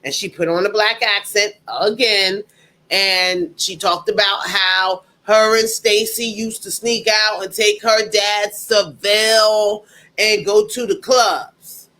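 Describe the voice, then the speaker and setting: This is an opinionated commentary monologue from a political commentator who talks right to the audience. The mid-range voice sounds pushed and bright, and the delivery is indignant and emphatic, circling back to points for effect.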